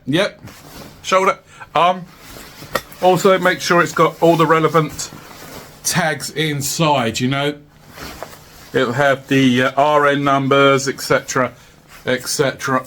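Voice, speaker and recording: A man talks casually to his viewers in a jokey, upbeat vlog. His voice sits on the higher side for a man, and he keeps coming back to the viewers as "guys". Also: a little hiss or hum. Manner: chirpy, jokey, keeps saying "guys", swings high when excited. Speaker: reseller vlogger. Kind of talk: casual chatty vlog to camera.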